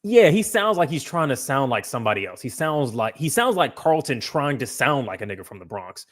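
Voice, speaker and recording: A man's voice: mid-range voice, sing-song, brisk, a bit bright. A man hosting a livestream podcast, talking casually in a loose, profane, rambling way with frequent restarts. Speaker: podcast host.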